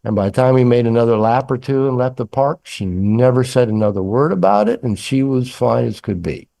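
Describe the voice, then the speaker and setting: Older male author guest, lively candid storyteller, self-mocking, acts out both sides of a conversation. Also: mid-range voice, fairly quick, creaky. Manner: animated, self-deprecating, acts out dialogue with humor. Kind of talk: candid storytelling in a podcast interview.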